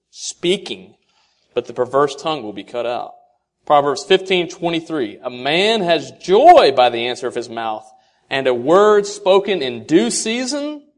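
Animated man preaching to fathers. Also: medium pitch. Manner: rhetorical questions, quotes scripture. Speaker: speaker addressing fathers. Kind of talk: sermon-style talk.

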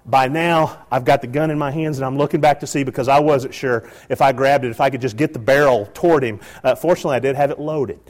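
A middle-aged man telling a hunting story live to an audience, animated, with frequent halting restarts. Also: mid-range voice. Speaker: storyteller guest.

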